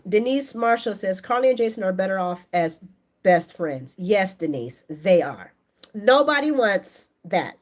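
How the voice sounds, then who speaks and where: A woman hosting a casual live stream, reading viewer comments aloud and giving her chatty, opinionated take. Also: mid-range voice. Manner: chatty and opinionated, animated, laughs often. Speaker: soap opera recap host on a live stream.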